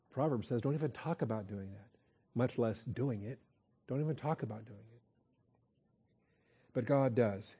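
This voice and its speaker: A man preaching a verse-by-verse Bible teaching, conversational, often checking in with his listeners and slowing down to repeat key points. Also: medium pitch, dark tone. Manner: conversational, with frequent "okay?" check-ins and slow emphatic repeats. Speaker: pastor.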